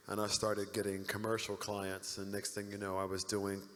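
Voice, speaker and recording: Animated man telling stories in a hall. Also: fairly low pitch, moderate pace, hardly any pauses. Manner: animated storyteller acting out quoted people. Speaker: interview guest. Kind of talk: convention panel storytelling. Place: large convention hall. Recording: reverberant hall.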